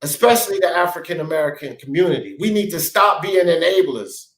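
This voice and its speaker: A man's voice: a little high, animated, a little fast, roomy sound, poor audio. A man hosting a talk show, ranting bluntly and profanely in heated commentary. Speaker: sports talk show host.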